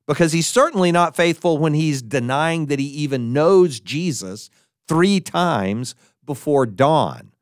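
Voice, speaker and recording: A man preaches a sermon in a lively, animated way, stepping into voices as he quotes the people in his story. His voice sits fairly high and swings widely in pitch. The sound is dry and close, with no room echo.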